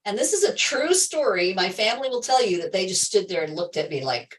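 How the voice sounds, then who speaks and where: A woman's voice: mid-range voice, very animated, a little fast, few pauses, recorded from a distance, rough recording. A middle-aged woman hosting a health livestream, telling a personal story to viewers in an emphatic way, repeating key phrases and laughing often.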